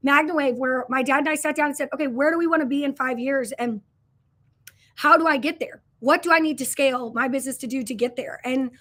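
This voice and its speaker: Earnest, chatty woman with a high voice. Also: fairly quick, bright, forceful tone. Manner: chatty and earnest, with frequent fillers and restarts; reads and answers viewer comments. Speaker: business coach hosting a livestream. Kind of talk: casual livestream sales pitch.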